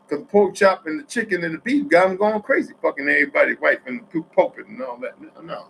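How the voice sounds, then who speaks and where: A man from New Jersey talking in a rambling, profane monologue, swinging between loud outbursts and quiet asides. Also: a little high, expressive, quick pace, creaky, a little hiss or hum, low-quality recording.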